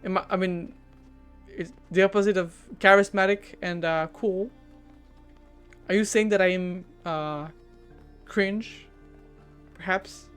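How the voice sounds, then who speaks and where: A woman's voice: on the low side, steady tone, unhurried, pauses often, smooth, soft background music. A woman streamer with a French accent, chatting casually while gaming, teasing herself, stammering and giggling.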